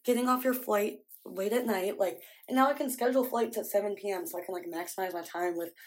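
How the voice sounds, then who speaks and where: A woman's voice: mid-range voice, fast. Young woman, chatty vlogger, from the Midwest, rambling and exasperated, filler-heavy casual talk. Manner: frequent "like" fillers. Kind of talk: casual vlog chatter while packing.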